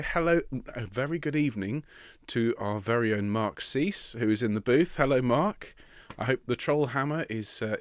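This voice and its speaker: A man's voice: medium pitch, dry recording, clean studio sound. A man leading a choir rehearsal online from home, greeting singers one by one with chatty teasing, his voice a little sandpapery. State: slightly rough, sandpapery voice. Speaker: choir director. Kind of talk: live online rehearsal chat. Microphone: computer mic on a video stream.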